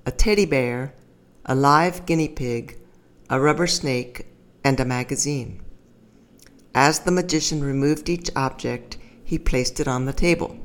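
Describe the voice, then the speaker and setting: A calm narrator reads a scripted teaching story at an even, measured pace. The voice sits in a middle register, neither high nor low, and the telling stays steady from line to line.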